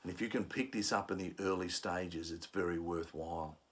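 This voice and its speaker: A man's voice: low-pitched, steady tone, a little fast, fairly bright tone, breathy edge. A man giving a conflict management lesson, explaining steps and acting out angry commuters. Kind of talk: instructional talk.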